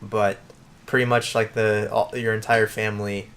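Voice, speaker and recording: A man's voice: on the low side, level tone, normal speed, a bit bright, slight background noise. A man hosting a let's play, chatting casually with lots of fillers and restarts. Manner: rambling, filler-heavy restarts. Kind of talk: casual gameplay commentary.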